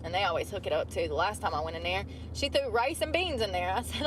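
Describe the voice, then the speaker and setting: A woman's voice: mid-range voice, fast talker, hardly any pauses. A woman, ranting in a chatty, profane, rambling way, filmed as she drives. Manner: profane, chatty, drawling asides. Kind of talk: rambling casual rant. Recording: clip with traffic and outdoor noise.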